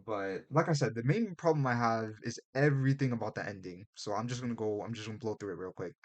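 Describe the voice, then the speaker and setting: A man co-hosting a casual podcast, retelling a show's plot in animated, profane chat and putting on quick mock voices. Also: lowish voice. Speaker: podcast co-host.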